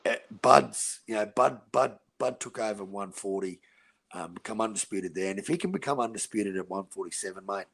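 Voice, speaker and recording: Crude, blunt Aussie bloke, gravelly. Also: male voice, fairly low pitch, fairly quick, fairly bright tone. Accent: Australian. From Australia. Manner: blunt, crude and profane, says "mate" a lot. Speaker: podcast host. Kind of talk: casual chat.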